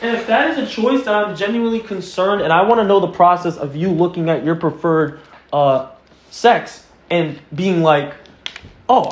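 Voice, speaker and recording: A young man vlogging to himself in an earnest, rambling way, full of fillers. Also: fairly high pitch. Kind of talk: casual self-talk monologue. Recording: dull lo-fi sound.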